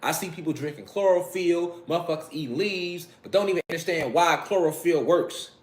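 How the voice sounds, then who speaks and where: A man's voice: on the high side, moderate pace. A man giving a casual spiritual lecture, preaching to his listeners, repeating phrases and calling them family. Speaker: spiritual talk host.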